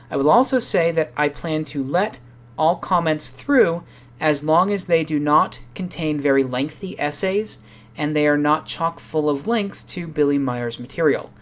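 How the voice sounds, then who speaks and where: Low-voiced woman hosting a podcast, music behind. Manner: casual, chatty, a bit rambling. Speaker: podcast host. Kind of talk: podcast announcements and sign-off.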